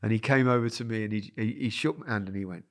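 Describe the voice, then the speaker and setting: A man's voice: lowish voice, quick pace. A man in his sixties from England, a former footballer hosting a podcast, telling rambling anecdotes in casual chat. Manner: rambling anecdotal storytelling with laughs.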